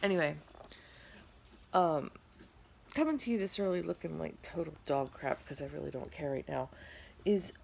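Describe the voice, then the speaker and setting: A tired middle-aged woman tells a rambling story to her camera at home, her voice gravelly and sitting a little low. She keeps slipping in fillers as she goes, over a faint hiss of background noise. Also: normal speed, long pauses. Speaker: vlogger. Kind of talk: casual storytelling vlog.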